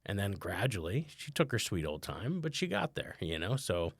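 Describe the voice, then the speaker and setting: A man talks into a close mic on his own podcast. His voice sits very low, and the sound is dry. He rambles in an easygoing way, full of "you know" and "like". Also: big pitch swings, moderate pace, husky, dry recording. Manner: rambling, conversational, many fillers. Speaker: podcast host, comedian. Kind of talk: casual solo podcast talk.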